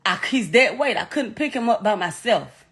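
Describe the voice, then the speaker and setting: A middle-aged woman telling a painful story as a mother, in a blunt, halting way full of profanity. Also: medium pitch, expressive, a bit bright. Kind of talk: emotional first-person account.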